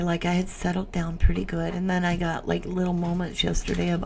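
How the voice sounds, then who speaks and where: A woman's voice: fairly low pitch, completely flat delivery, a little fast, creaky, hardly any pauses, a little mellow, a little hiss or hum. A woman hosting a casual livestream chat, emotional as she reads viewer comments aloud. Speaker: livestream host.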